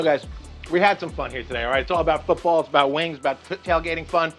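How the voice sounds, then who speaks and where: A man's voice: fairly high pitch, fast, fairly bright tone. A man hosting his cooking vlog outdoors at a grill, chatty and enthusiastic, often checking in with "okay". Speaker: cooking show host. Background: rain and light music.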